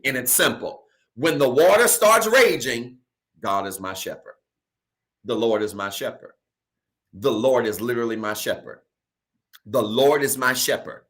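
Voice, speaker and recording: A preacher with a bright, fairly high voice delivers a Sunday sermon. He keeps putting questions to his listeners and repeats lines again and again, climbing into hollers before dropping back down. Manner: preaching with call-and-response questions, building to shouts. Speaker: pastor. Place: church stage.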